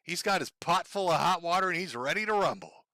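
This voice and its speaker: A man's voice: sits high, lively intonation, a little fast, bright, forceful tone, no echo. A man hosting a live stream who gives sarcastic, profane commentary on clips and often breaks into laughter. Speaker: stream host.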